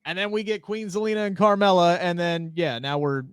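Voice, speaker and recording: A man co-hosting a casual wrestling podcast, opinionated and animated, swearing freely into a close mic. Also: high voice, brisk, smooth, no echo. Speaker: podcast co-host.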